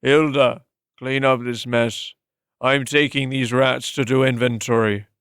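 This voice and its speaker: A man voicing a cruel, wheezing old slave master with a phlegmy, throaty voice, speaking slowly and menacingly. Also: mid-range voice, little pitch movement, a bit bright, clean tone, no room sound, studio quality. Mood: commanding.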